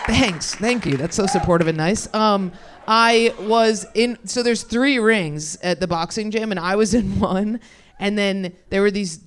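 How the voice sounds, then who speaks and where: A young woman doing improvised stand-up on a club stage, rambling, crude and self-deprecating, laughing at her own jokes. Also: mid-range voice. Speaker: stand-up comedian. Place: comedy club stage with live audience.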